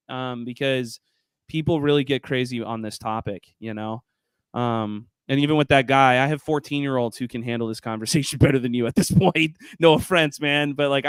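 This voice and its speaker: A man talking as an interview guest in casual conversation, excitable, laughing often and using plenty of fillers. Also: mid-range voice, normal speed, clear, resonant tone, no room sound.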